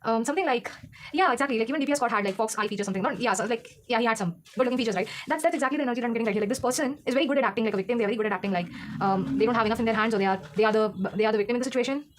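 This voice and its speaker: A woman's voice: fairly high pitch, very fast, a little hiss or hum. A woman doing a casual tarot reading, rambling and correcting herself as she goes, with frequent laughs. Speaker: tarot reader.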